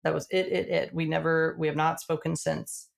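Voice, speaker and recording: A woman recounting a personal story as a podcast guest, her voice low in pitch with a gravelly fry at the ends of her phrases. She speaks casually and animatedly, with plenty of "like"s, and briefly acts out the dialogue as she goes. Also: flat delivery, normal speed. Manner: frequent "like" fillers.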